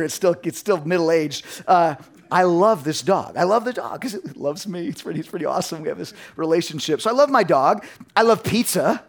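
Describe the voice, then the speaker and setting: A middle-aged man preaching a sermon as a pastor, telling lively personal stories and acting out his family's voices. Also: high voice. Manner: animated storytelling, acts out his family's voices.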